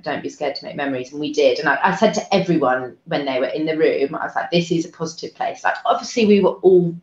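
A woman guest telling an emotional personal story, soft-spoken and halting, with many fillers and restarts. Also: sits low. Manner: soft-spoken, trying to hold it together. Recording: roomy, dull lo-fi sound.

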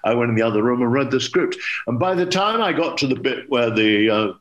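A man's voice: medium pitch, brisk, lo-fi sound. Older english guy, actor, chatty stories, voice swoops up and down a lot. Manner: lively storyteller, acts out quoted dialogue. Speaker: actor guest. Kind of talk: relaxed interview anecdotes.

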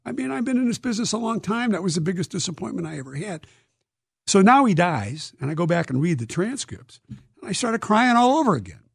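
A man, an author being interviewed, telling stories in a lively, dramatic way and acting out quotes. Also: sits high, a little fast, vocal fry, husky, dry recording, studio quality. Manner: lively, dramatic storyteller who acts out quotes. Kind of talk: animated interview storytelling.

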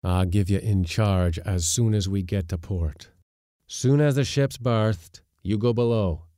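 A man voicing a stern, burly old sea skipper who talks in a blunt, rough seaman's dialect. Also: lowish voice, unhurried, mellow, dry recording, clean studio sound, natural voice.

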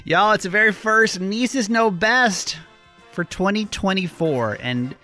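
A man co-hosting a morning radio show, talking to listeners directly in an animated, emphatic way. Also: sits high, a little slow, faint music behind. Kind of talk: casual morning radio chat.

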